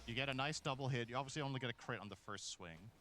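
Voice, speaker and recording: Fast-talking male esports analyst. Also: medium pitch, slight background noise. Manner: analytical, thinks out loud. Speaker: esports caster. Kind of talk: play-by-play analysis commentary.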